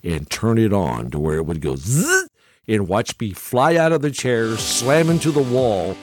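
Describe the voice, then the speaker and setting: A man's voice: on the low side, huge pitch swings, a little slow, over music. A man in his sixties hosting a podcast, telling a story in a casual monologue, chuckling often and tagging his lines with "okay?". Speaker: podcast host.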